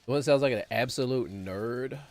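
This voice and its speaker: A man's voice: mid-range voice, fairly quick, soft background music. A man streaming a game, rambling and sarcastic, chuckling as he talks. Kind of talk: casual gameplay commentary.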